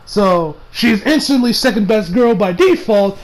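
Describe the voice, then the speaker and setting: A man's voice: high voice, expressive, measured pace, rough recording. A young man casually reviewing an anime episode, rambling, swearing and often breaking into laughter.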